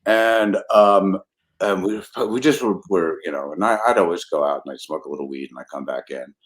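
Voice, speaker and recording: A man's voice: sits low, normal speed. An older man from New Jersey, a comedy writer, telling stories in casual chat and acting out the people he quotes. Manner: animated storyteller acting out quoted voices, chuckling often.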